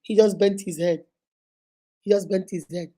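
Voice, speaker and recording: A woman, a relationship counselor, telling stories and giving advice in a lively, preachy way. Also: medium pitch, moderate pace. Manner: animated, preachy, acts out people in her stories. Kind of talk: storytelling advice talk.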